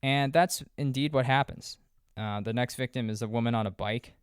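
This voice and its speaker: A man's voice: mid-range voice, moderate pace, smooth, dry recording, clean studio sound. A young man recapping a movie in loose, profane casual chat, full of fillers and restarts. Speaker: podcast host reviewing a movie. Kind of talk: casual rambling film recap.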